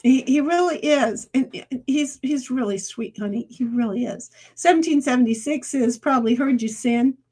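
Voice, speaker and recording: A woman's voice: high voice, normal speed, few pauses, mellow. A woman streamer chatting casually with her viewers, rambling and laughing often. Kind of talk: casual live-stream chat.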